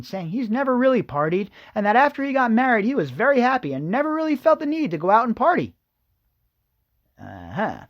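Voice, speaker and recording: A man with a high-sitting voice hosts a podcast, reading news articles aloud and breaking off into sarcastic, mocking commentary aimed at his listeners, essentially ranting over the news. The audio has no echo and the highs are cut off.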